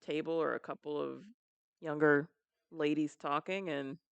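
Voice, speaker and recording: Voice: mid-range voice, steady tone, measured pace, gravelly, smooth, no echo, highs cut off. A podcast co-host in casual chat, teasing the others and laughing often.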